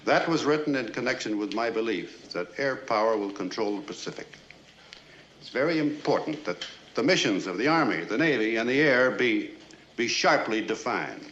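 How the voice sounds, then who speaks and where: An actor playing an accused air colonel on the witness stand in an old courtroom film, answering tersely and firmly. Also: male voice, mid-range voice, normal speed, lightly acted. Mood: earnest. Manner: firm, terse, steady answers. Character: stubborn male air colonel, calm and firm. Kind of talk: 1950s film courtroom drama. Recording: roomy, dull old film soundtrack with hiss.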